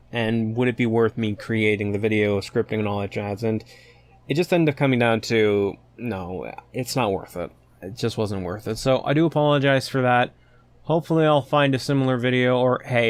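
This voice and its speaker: A man hosting a casual solo podcast, venting in a profane, exasperated rant. His voice sits at an ordinary middle pitch. The sound is dry and close, with no room echo. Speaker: podcast host.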